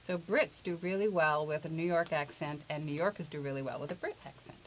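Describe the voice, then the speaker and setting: Playful woman accent coach, low voice. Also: brisk, slight background noise. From England. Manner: playful, demonstrative, teasing. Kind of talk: interview, explaining with spoken examples. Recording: dull lo-fi recording.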